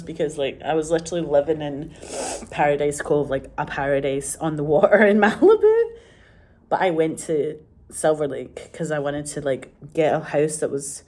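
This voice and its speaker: A woman with a Scottish accent chatting casually to camera, rambling and animated, swearing freely. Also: deep voice. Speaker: vlogger.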